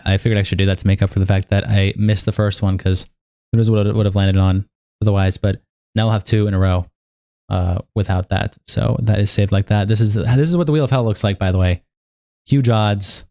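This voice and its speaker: A man's voice: fairly low pitch, warm tone, no room sound, clean studio sound. A young man hosting a livestream in a loose, casual way, cursing freely as he catches viewers up on progress. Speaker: livestream host.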